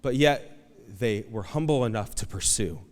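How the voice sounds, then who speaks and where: A man preaching a conversational, animated sermon as pastor, acting out quoted voices. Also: medium pitch, normal speed. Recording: long hall reverb.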